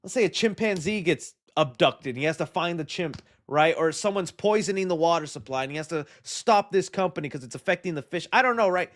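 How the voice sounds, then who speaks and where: A man hosts a live movie talk stream, with a voice pitched a little high for a man. He rambles casually and jokes with his chat, often stopping mid-thought to restart. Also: lively intonation, fairly quick, few pauses. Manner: rambling, joking, reads and answers chat, hesitant restarts. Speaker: host of a live movie news show.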